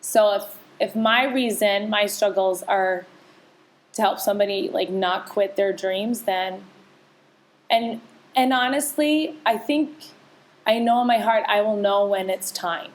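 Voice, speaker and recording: A woman's voice: mid-range voice, a little slow. A woman co-hosts a podcast in loose, candid chat. She talks openly and with feeling, circling back and restarting her sentences as she goes. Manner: candid, emotional, chatty with many restarts. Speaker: podcast co-host. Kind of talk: casual chat.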